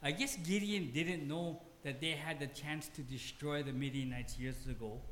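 A man's voice: a little high, normal speed, hardly any pauses, fairly bright tone, a little hiss or hum. A male pastor with a Hawaiian Pidgin English accent, preaching a humorous, emphatic, self-deprecating sermon. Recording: roomy hall with faint ambience.

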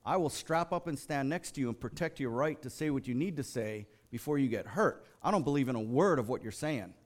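A man's voice: medium pitch, a little fast. An American man giving a sermon, telling stories animatedly and acting out the voices of the people in them. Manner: animated storytelling, acts out quoted voices. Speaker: lay preacher.

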